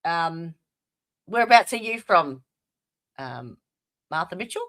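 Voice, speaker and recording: An Australian woman hosts a casual livestream, chatting away, greeting viewers by name, and using plenty of fillers. Her lowish voice has a fairly bright tone and a sing-song lilt, and she speaks slowly.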